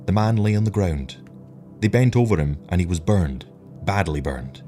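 A man reading an audiobook story in a measured, even way, with faint music behind. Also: low-pitched. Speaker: narrator. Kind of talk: audiobook narration.

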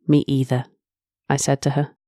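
A woman reads a first-person story aloud in a soft, reflective way, often sighing between lines. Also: very deep voice, level tone, moderate pace, no room sound, studio quality. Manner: soft, reflective, with frequent sighs. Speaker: narrator.

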